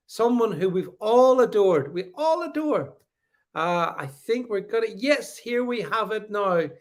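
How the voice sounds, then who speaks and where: A middle-aged man hosting a casual livestream, talking in a sarcastic, mocking way and laughing often. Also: sits high. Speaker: livestream host.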